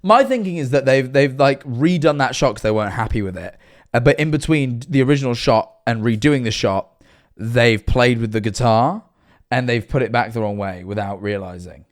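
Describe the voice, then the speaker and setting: A man's voice: mid-range voice, moderate pace. A man livestreaming and reacting to videos, rambling with lots of fillers, getting worked up and then sheepish. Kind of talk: casual live-stream commentary.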